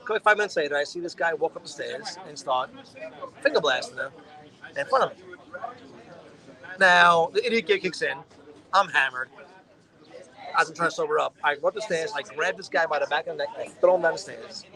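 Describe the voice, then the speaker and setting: A podcast co-host with a voice on the high side talks briskly but with long pauses. He tells a long story in an animated, casual, profane way, acting out what people said.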